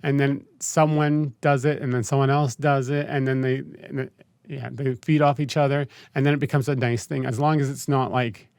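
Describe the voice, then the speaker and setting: A man's voice: mid-range voice, flat delivery, normal speed, darkish tone, clear, resonant tone, dry recording, studio quality. Wisecracking podcast co-host man. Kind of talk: casual chat.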